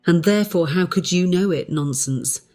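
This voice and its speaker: A man's voice: sits high, moderate pace, darkish tone, soft background music, voice pushed up, natural voice. A man voicing a blunt, matter-of-fact middle-aged woman servant in an audiobook, with brusque, scolding retorts. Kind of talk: audiobook character voice.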